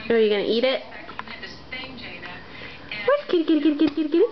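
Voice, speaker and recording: A woman's voice: sits high, sing-song, quick pace, muffled recording, a crowd in the background. A woman as a mother using sing-song baby talk, coaxing and praising a toddler.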